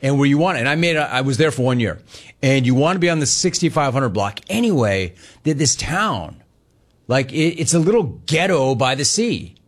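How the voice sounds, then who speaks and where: A man in his fifties with a medium-pitched voice, speaking at normal speed, hosts a sports talk radio show. He's an animated storyteller, delivering a wry, conversational monologue.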